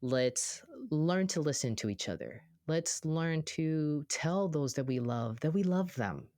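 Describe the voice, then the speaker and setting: A therapist co-hosts a casual podcast, talking at a middle pitch through easygoing stories. Bits of dialogue get acted out with jumps in voice. The sound is dry and close, with no room around it. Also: measured pace, no room sound. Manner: animated storyteller who acts out quoted voices.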